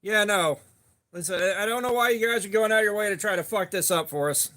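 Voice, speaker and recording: A man's voice: high-pitched, fast, bright, forceful tone. A man hosting a casual live stream, greeting viewers by name and rambling chattily between topics. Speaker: livestream host.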